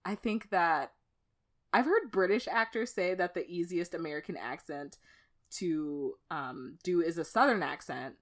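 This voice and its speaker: A woman's voice: on the low side, measured pace. A woman co-hosting a podcast, chatting casually about a TV show, laughing often and swearing now and then. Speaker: podcast co-host.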